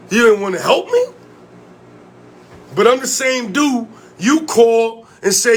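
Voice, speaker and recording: In a heated direct-to-camera vlog rant, a Connecticut man with a notably high voice goes on the attack, swearing freely and firing off question after question like a community organizer calling people out. He's animated but takes it slowly, pausing often.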